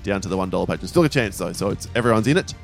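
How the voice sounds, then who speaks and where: A man's voice: deep voice, expressive, gravelly, soft background music. A man co-hosting a movie podcast, reading listener feedback in a wry, casual way. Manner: brisk, wry, laughs easily. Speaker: podcast co-host.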